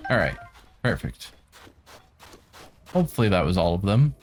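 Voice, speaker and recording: A man's voice: deep voice, moderate pace, a little hiss or hum. Laid-back man narrating his gameplay. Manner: relaxed, talks to enemies on screen, wry asides. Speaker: game streamer. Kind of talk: let's-play commentary.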